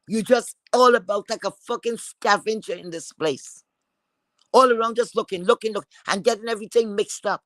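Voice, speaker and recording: Man, high voice, confrontational streamer rant, repetitive insults, dry sound. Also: moderate pace, fairly bright tone, dry recording, poor audio. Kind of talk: heated profane rant.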